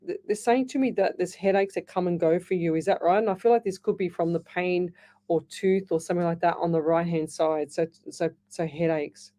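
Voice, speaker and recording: A woman with an Australian accent hosting a live psychic call-in radio show, chatty and quick to laugh. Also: lowish voice, fairly even intonation, warm tone. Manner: chatty, laughs easily, reads messages aloud. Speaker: psychic medium radio host. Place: radio studio.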